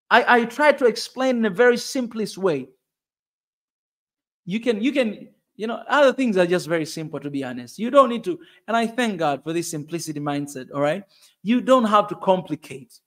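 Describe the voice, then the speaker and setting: A man's voice: sits high, fairly bright tone. A man with a Tanzanian accent giving a passionate, emphatic opinion monologue as a channel host. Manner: passionate and emphatic, repeats points.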